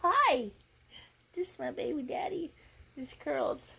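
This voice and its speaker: A woman crafting vlogger opens a gift on camera and talks in a gushing, tearful way. Her voice sits high and swoops widely, with a gravelly fry underneath. She talks slowly and laughs often. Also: big pitch swings, pushed and bright, low-quality recording. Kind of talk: unboxing vlog.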